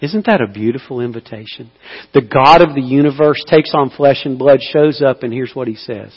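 A man preaching a sermon, moving between slow, hushed appeals and loud, pleading cries. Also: medium pitch, husky. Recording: dull sound with long hall reverb.

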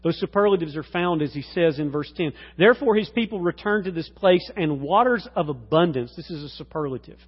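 A man preaching a sermon as a pastor, swinging from low, quiet passages to loud, high-pitched exclamations. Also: expressive, fairly quick, few pauses, breathy edge. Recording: dull lo-fi recording.

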